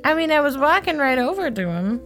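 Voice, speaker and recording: A woman playing a tabletop game, chatty and playful, with quick asides. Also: high-pitched, sing-song, fairly bright tone, soft background music. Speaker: player. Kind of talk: casual tabletop role-play.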